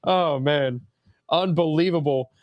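A young adult man hosting a casual sports talk show, animated and quick to jump into high voices. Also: no echo, dull audio. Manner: animated, jumps into high voices when quoting. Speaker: podcast host.

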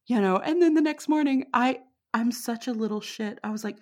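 A podcast guest from Texas, this woman has a slightly high, darkish voice and a brisk delivery with a Texan accent. She chats casually through her stories, laughs a lot and fills her speech with fillers.

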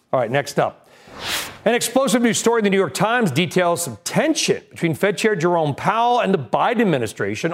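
A man hosting a cable news show, moving briskly between stories and guests in an animated anchor delivery. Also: a little high.

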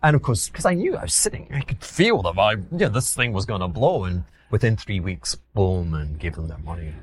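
Animated Scottish man telling stories. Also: sits low, fairly quick, slightly rough. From Glasgow, Scotland. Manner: theatrical, acts out quotes, self-mocking. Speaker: podcast guest, former hedge fund manager. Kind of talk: animated anecdotal storytelling.

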